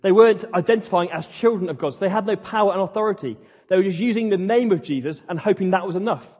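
A man preaching a passionate, emphatic sermon as pastor of his church, with dramatic pauses. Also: high voice, darkish tone, slightly rough. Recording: dull sound in a hall with long reverb.

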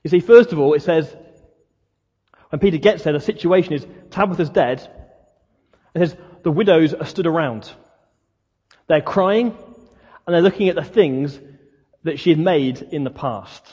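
A man's voice: fairly high pitch, normal speed, long pauses, darkish tone, breathy edge. Man preaching in an echoing hall. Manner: conversational preaching, rhetorical questions. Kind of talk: sermon. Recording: dull lo-fi sound, long hall reverb.

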